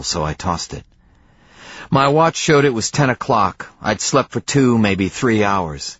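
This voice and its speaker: Low-voiced man narrating a novel. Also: a bit bright, no echo. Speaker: audiobook narrator. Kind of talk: first-person novel narration. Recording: dry, slightly dull audiobook recording.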